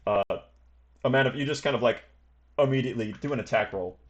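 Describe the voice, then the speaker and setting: A man's voice: mid-range voice, fast, highs cut off. Rambling game master, man. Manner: rambling, full of hedges and fillers. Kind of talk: narrating a tabletop game.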